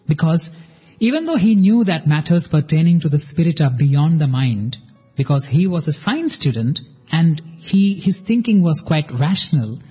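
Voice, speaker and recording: A man's voice: fairly high pitch, breathy edge, long reverb tail, muffled recording. A man hosting a devotional show, earnestly telling a story and addressing his listeners. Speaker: podcast host. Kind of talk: devotional narration.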